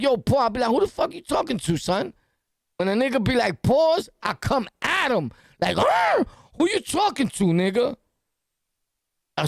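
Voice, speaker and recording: A man with a New York City accent, hosting a podcast and reacting to news clips in loud, profane, laughing street talk. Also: high-pitched, gravelly, no room sound, clean studio sound. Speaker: podcast host.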